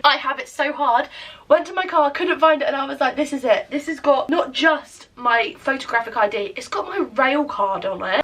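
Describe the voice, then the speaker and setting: High-voiced woman, sweary rambling vlog. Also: pushed and bright, recorded from a distance, slight background noise. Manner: self-deprecating, sweary, rambling storytelling. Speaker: vlogger. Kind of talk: casual day-in-my-life vlog chat. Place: at home, indoors.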